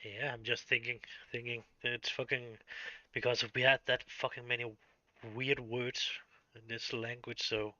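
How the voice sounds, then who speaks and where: A man's voice: medium pitch, level tone, bright, forceful tone, no room sound. Danish guy streaming, swears a lot, stops and restarts, lo-fi dull mic. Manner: swears freely, halting and restarting, chuckling. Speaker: game streamer. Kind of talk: casual live-stream chat.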